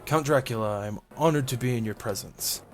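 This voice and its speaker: A man voicing a devoted male cultist in a quiet, solemn read. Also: medium pitch, a little fast, faint music behind, natural voice.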